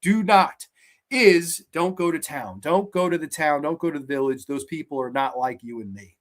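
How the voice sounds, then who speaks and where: A man's voice: a little high, moderate pace, close to an everyday voice. A man playing an overly friendly, creepy male innkeeper who keeps pressing and repeating warnings. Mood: eager, reassuring. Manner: eager, insistent, repeats warnings.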